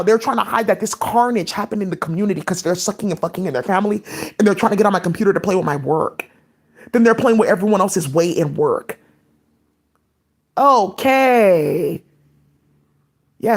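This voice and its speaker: A woman vlogging in a quick, tumbling stream of talk. Her thoughts jump from one thing to the next, held together by "like" and "um". Her voice sits at an ordinary middle pitch. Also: a little mellow, breathy edge. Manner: rapid, scattered, many "like" fillers. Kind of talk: rambling casual monologue.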